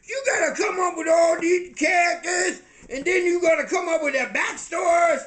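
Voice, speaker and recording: A man voicing an excitable, exasperated older man who scolds in a high, loud voice. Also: normal speed. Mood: scolding.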